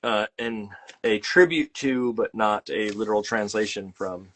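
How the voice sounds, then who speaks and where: A man's voice: fairly low pitch, unhurried, fairly bright tone. A man hosting a casual interview over a video call, rambling with many fillers and teasing his guest. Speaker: podcast host and illustrator.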